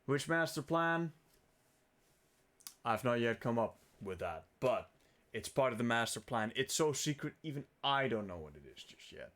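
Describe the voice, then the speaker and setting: A man from the Netherlands livestreams a game, talking through his inventory in a medium-pitched, sing-song voice at normal speed with a fairly bright tone. He jokes about himself and swears freely throughout this casual gameplay commentary.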